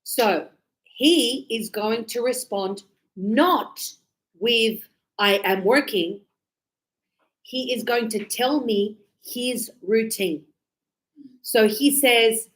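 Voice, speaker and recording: A woman teaches English to a classroom of students, pausing often to check that everyone follows. Her voice sits a little high and she takes her time, slipping into short acted-out exchanges between teacher and student. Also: poor audio. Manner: lively, acts out student dialogues with quick questions. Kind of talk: classroom lesson.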